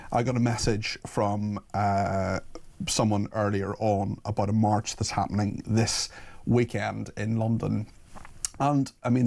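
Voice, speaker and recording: Northern Irish male phone-in host, low-ish voice, earnest and apologetic. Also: creaky, darkish tone. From Northern Ireland. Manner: earnest, apologetic, reads listener messages aloud. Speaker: radio talk show host. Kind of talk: phone-in talk radio.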